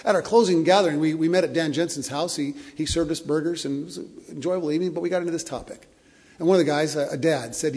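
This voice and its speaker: Husky male pastor preaching, repeats himself a lot, goes soft and slow, echoey big hall. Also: fairly high pitch. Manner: earnest, with many repeated words and drops to a soft, slow hush. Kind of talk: sermon. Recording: long hall reverb.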